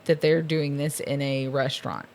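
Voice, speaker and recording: A woman's voice: very deep voice, fairly even intonation, moderate pace, darkish tone. A woman co-hosting a casual film podcast, recapping scenes with lots of laughter and ums, quoting lines in mock voices. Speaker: podcast co-host.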